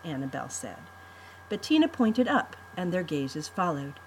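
A woman hosting a podcast, reading a family adventure story in a measured storybook way. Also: on the low side, big pitch swings, a little hiss or hum, low-quality recording. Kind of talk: scripted story narration.

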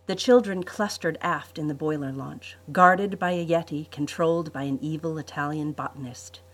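Husky woman reading a family story. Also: low-pitched, normal speed, low-quality recording. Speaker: podcast host and storyteller. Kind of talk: scripted story narration.

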